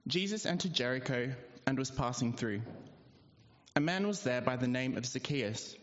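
A scripture reader with a mid-range voice reads a Bible passage aloud steadily and measuredly. The sound is dull, with long church reverb.

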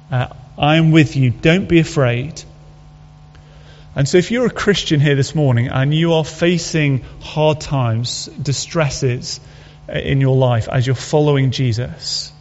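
A pastor with a slightly high, darkish-toned voice preaches a sermon in an earnest, conversational way, putting rhetorical questions to his listeners. The audio is dull, with a long hall reverb.

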